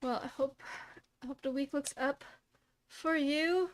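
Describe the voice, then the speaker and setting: A young woman with a high, light voice chats casually on a live stream. She greets viewers by name in a bubbly, upbeat way and often drops into soft, mumbled asides. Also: unhurried.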